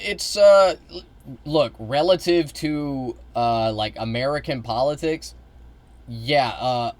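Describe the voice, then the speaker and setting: A young man streaming, reacting to a video in a rambling, halting way, with casual swearing. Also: mid-range voice.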